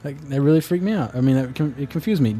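A man's voice: mid-range voice, fast talker, warm tone, soft background music. A man co-hosting a podcast, rambling and joking as he reads listener emails in casual chat.

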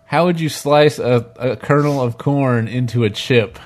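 A man's voice: mid-range voice, measured pace. A man co-hosting a podcast, explaining things in a matter-of-fact way amid casual banter. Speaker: podcast co-host.

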